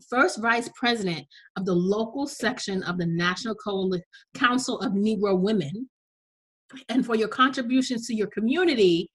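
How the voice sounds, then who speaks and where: A woman's voice: mid-range voice, slightly rough, rough recording. A woman hosting an interview podcast, enthusiastic and effusive, with a slight cough. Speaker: podcast host.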